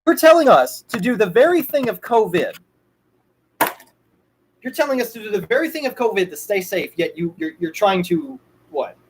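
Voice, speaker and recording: A man's voice: high-pitched, very animated, moderate pace, a little hiss or hum, rough recording. A young man streaming a ranting monologue, emphatic and repetitive, swearing now and then. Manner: emphatic, repeats himself, swears.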